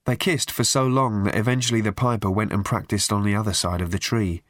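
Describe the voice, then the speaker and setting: A man narrating an audiobook with a wry, expressive delivery. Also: on the low side, fairly quick, no room sound, studio quality. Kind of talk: scripted narration.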